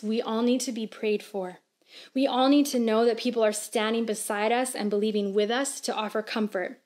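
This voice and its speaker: A woman in her thirties preaching a sermon on a church livestream, earnest and conversational, asking gentle questions. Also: fairly high pitch. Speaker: pastor.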